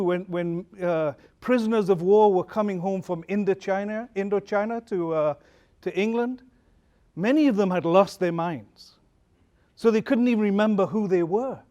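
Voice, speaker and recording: A man's voice: high-pitched, warm tone, muffled recording. A man, a pastor, giving a conversational talk at a conference, telling stories and asking the audience questions. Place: conference hall.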